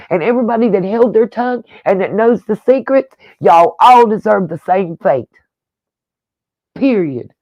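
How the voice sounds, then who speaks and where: A woman's voice: medium pitch, vocal fry, no echo, highs cut off. A woman true-crime YouTuber delivering a blunt, profane, combative rant, full of pointed rhetorical questions. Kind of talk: angry on-camera rant.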